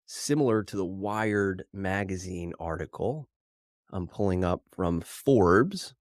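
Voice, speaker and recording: A man hosting his own podcast solo, talking in an animated, worked-up way and slightly out of breath from too much coffee, mocking the headlines he reads. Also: low voice, takes it slowly, no room sound, clean studio sound. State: over-caffeinated, slightly out of breath. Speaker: podcast host.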